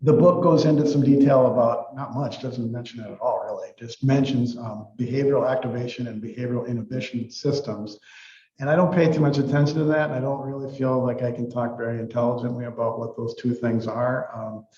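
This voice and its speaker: A man's voice: medium pitch, fairly even intonation, fairly quick, warm tone. Rambling male professor, roomy dull recording. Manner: rambling, many fillers and restarts, candid. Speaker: psychology professor. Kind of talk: recorded university lecture.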